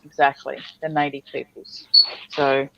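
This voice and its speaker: A woman in casual chat, unhurried and searching for her words. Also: extremely low pitch, little pitch movement, vocal fry, highs cut off. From Australia.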